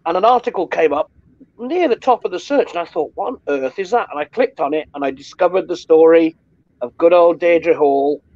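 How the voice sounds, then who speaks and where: A British man co-hosts with a chatty, wry warmth of wit and a fairly high voice. His audio is dry and a little dull, as if from a modest remote mic. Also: fairly quick, dry recording. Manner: chatty storyteller, wry and jokey. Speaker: co-host. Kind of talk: casual live show chat.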